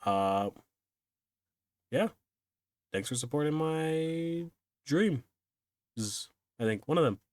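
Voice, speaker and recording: A man's voice: on the high side, expressive, slow pace, pauses often, darkish tone, no echo. A young man hosting a solo podcast, rambling and self-deprecating, laughing easily as he chats. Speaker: podcast host.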